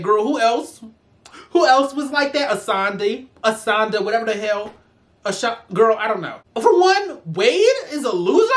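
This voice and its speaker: A woman giving a ranting review in a vlog, sassy and profane as she vents. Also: on the high side. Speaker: show reviewer.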